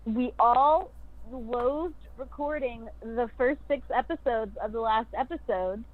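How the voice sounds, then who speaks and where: A voice actress guest, speaking a little slowly in a slightly high voice, keeps things bubbly and casual on a video call podcast. She giggles and performs her character's dialogue, and the remote audio sounds tinny, like a phone.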